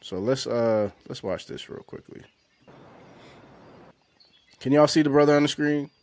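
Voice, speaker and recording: A man's voice: mid-range voice, measured pace, darkish tone, slight background noise. A man hosting a casual panel podcast, laid-back and slangy, often laughing while he introduces clips. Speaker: podcast host.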